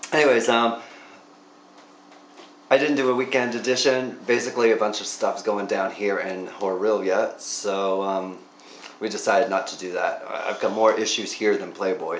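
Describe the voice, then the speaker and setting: A man's voice: fairly low pitch, a bit bright, slight background noise. A man hosting a casual vlog, telling stories with wry jokes and laughing at his own punchlines. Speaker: vlog host. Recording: roomy echo.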